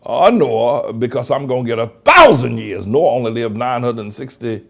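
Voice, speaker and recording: A man preaching with a gravelly edge in his voice. His pitch rises and falls widely as he leans hard on words he wants to stress. He circles back over phrases while he builds his point. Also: animated. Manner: emphatic preaching, drawn-out stressed words, repeats himself. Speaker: pastor. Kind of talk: sermon broadcast.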